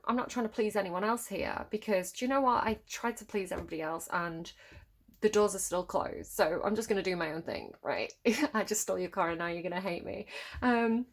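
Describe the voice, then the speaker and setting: A woman in her thirties giving a casual tarot reading, chatty and laughing often, restarting her phrases. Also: mid-range voice. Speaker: tarot reader.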